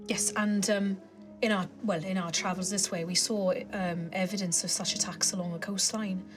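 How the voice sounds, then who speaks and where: A woman's voice: medium pitch, fairly even intonation, moderate pace, over music. A woman playing her character in a tabletop game, speaking earnestly with some hesitation. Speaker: player.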